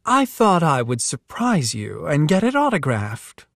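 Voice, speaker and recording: A man voicing a cheerful woman teacher, married to a swamp monster, speaking sweetly and calmly in a storybook reading. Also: a little high, a little slow, creaky, dry recording, clean studio sound, heavily acted.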